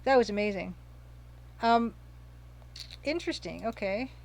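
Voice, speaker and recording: A woman's voice: fairly high pitch, expressive, unhurried, creaky. A woman casually commenting while streaming a retro game, chatting, reading viewer comments aloud and gushing over the pixel art.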